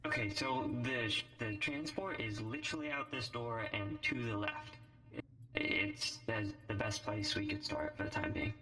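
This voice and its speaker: A man playing a character in an online roleplay, talking in a lively, exasperated way. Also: mid-range voice, normal speed. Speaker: roleplay player. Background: music.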